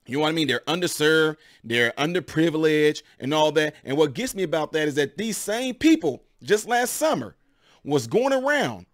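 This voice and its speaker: A man hosting his own channel, giving heated, rambling opinion commentary to his viewers. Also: a little high. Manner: animated, rambling, addresses viewers as y'all.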